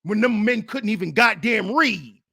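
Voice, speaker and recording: Slow, lively-pitched man scolding mockingly. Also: creaky, breathy edge. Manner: mocking, scolding, repeats taunts. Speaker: channel host commentator. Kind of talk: livestream commentary rant.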